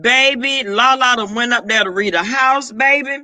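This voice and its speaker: A man, chatting casually on a live stream, sassy and profane, throwing quick asides to his viewers. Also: very high voice, sharp tone, no echo. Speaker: vlogger greeting live chat.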